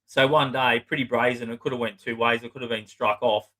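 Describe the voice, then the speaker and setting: A middle-aged man with a bright, forceful voice shares client stories in a loose interview. His talk is blunt and full of profanity. He often slips into acting out what other people said. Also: mid-range voice, steady tone, fairly quick, low-quality recording. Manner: blunt, swears freely, acts out clients' lines. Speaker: psychotherapist guest. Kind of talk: casual storytelling interview.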